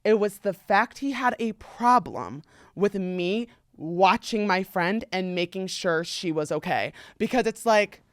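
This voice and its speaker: A young woman from the tri-state area hosts a casual podcast chat, throwing herself into the story and acting out every quote loudly. Her voice sits at a middling pitch, and it sounds very dry and close to the mic. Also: animated, measured pace, no echo. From US tri-state area around New York. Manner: dramatic retelling with loud acted-out quotes, frequent "like". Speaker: podcast host.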